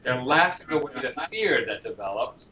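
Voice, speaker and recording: Answering interview questions with a crowd audible behind him, a male parenting author speaks at a moderate pace in a mid-range voice. He tells stories animatedly, voicing both kids and parents as examples, and the sound is dull lo-fi with room echo.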